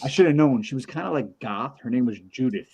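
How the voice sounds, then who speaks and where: Animated, swearing man telling a story. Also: mid-range voice, fast talker, gravelly, a little hiss or hum. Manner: animated storyteller, acts out quoted voices, swears freely. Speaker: podcast co-host. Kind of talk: casual storytelling chat.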